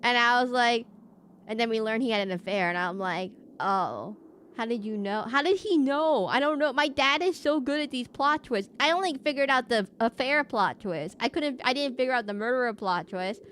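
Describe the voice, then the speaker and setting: Young woman VTuber, rambling casual stream chat, a bit high, slight hiss behind. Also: fairly quick, fairly bright tone. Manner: rambling, chatty, many restarts.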